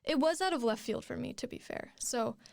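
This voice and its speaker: A woman's voice: high voice, fairly quick, vocal fry, darkish tone, dry recording, clean studio sound. A young woman, a podcast guest, telling her story in casual chat, rambling with many fillers and restarts.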